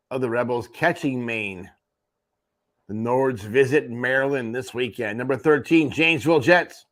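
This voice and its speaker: A man hosting a morning sports show, running through junior hockey standings with wry offhand asides. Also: medium pitch. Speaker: host. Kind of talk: sports radio rundown.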